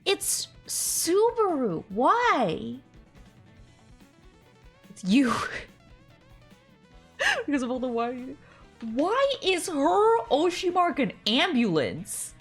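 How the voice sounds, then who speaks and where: High, wildly animated woman streamer. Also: very slow, long pauses, soft background music. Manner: animated, exclaiming in disbelief. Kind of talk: casual live-stream chatter.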